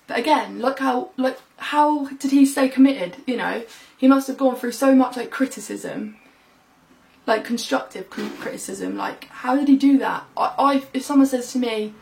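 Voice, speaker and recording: Chatty young woman, gravelly voice. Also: sits high, moderate pace, darkish tone. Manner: rambling, chatty, many fillers. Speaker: vlogger. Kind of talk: casual talk to camera. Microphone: camera mic.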